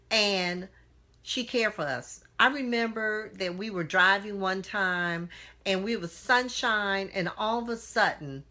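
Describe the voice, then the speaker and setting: A woman's voice: fairly low pitch, pushed and bright. A woman speaking as an inspirational speaker on a live stream, earnest and full of rhetorical questions, greeting viewers by name. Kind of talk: motivational talk to live viewers.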